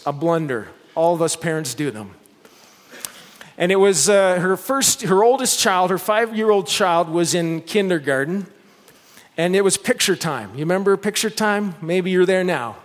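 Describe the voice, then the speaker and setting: A male pastor preaching a Christmas sermon, telling a story with lively build-ups and slowing into soft, earnest appeals. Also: on the high side, big-room sound.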